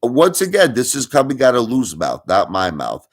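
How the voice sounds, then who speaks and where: A man's voice: mid-range voice, wildly swooping pitch, normal speed. A middle-aged man streaming live, speaking in an insinuating, rhetorical way and repeating his points. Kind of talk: livestream commentary.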